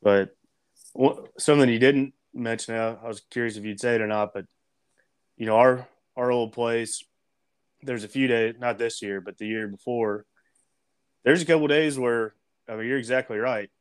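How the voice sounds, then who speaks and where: A man's voice: mid-range voice, normal speed, clean tone. A man hosting a casual podcast chat, easygoing and asking his guest questions.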